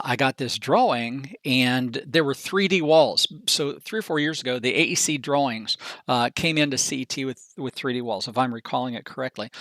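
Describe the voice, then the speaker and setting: A man giving a casual software training presentation in a folksy, chatty, animated way, with slangy asides. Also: medium pitch, no echo.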